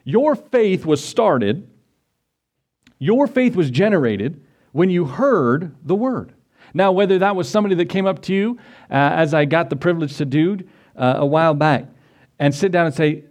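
A man's voice: fairly high pitch, expressive, normal speed, a little mellow. A man preaching a sermon in a folksy, storytelling way, acting out quotes and little scenes as he goes. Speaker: pastor.

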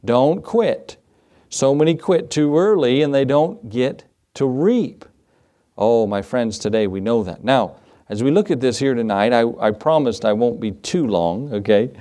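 A man's voice: medium pitch, animated, measured pace, mellow. Man preaching a sermon with joking asides. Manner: conversational, quizzes the congregation, joking asides. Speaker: pastor. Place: church.

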